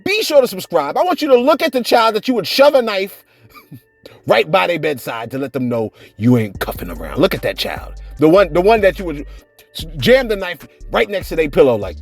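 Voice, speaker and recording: A man's voice: big pitch swings, moderate pace, soft background music. A man hosting a celebrity gossip show, talking loosely and jokingly to camera and acting out other people's voices. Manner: loud, joking, acts out voices with big swings in pitch. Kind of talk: animated commentary to camera.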